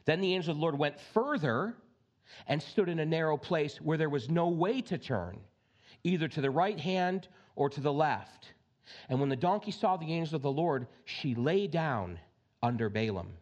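A male pastor preaching a conversational sermon, reading scripture and breaking into lively asides. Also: a little high, moderate pace, lo-fi sound.

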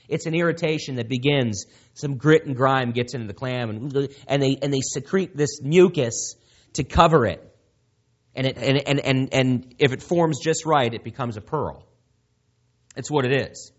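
A man's voice: mid-range voice, slightly rough. A male preacher giving a sermon in an emphatic, conversational way, often asking the audience questions. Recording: dull lo-fi recording.

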